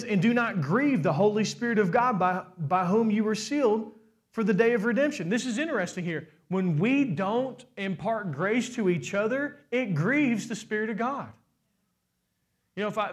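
A young man with a high voice preaches a sermon. He keeps putting questions to the congregation and climbs to loud, emphatic shouts. His voice sits well above most men's. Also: moderate pace. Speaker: pastor.

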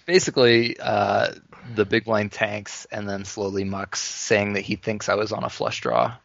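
A man's voice: on the low side, a little slow, gravelly, dry recording, muffled recording. A man co-hosting a casual poker podcast, laughing often and retelling hands. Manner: laughs often, lively delivery. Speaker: podcast co-host.

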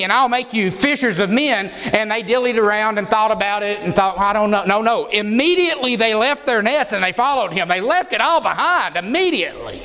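A man's voice: sits high, sharp tone, in a large hall, low-quality recording. A man preaching an expository sermon, emphatic and given to repeating words for stress.

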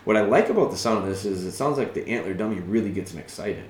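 A man's voice: lowish voice, reverberant, a little hiss or hum. Patient man giving dog-training advice. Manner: earnest, patient, thinking aloud, drops soft and slow for calming commands. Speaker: dog trainer answering a listener. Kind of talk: podcast advice talk.

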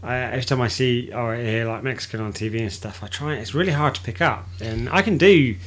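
A man co-hosting a comedy podcast who keeps interjecting with quick reactions, jokes and swearing in casual chat. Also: mid-range voice. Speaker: podcast co-host.

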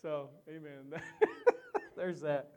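A man preaching a sermon who tells a personal story in an animated, chatty way with lots of fillers, then closes in prayer. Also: a little high, extremely slow.

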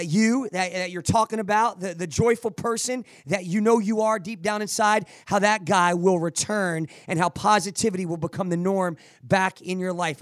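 A man with a fairly high voice delivers motivational advice as a podcast host, energetic and preachy. He often stumbles back over his words as he pushes his point, and the recording is dry and close. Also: no echo. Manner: energetic, preachy, repeats words while restarting. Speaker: podcast host answering listener questions.

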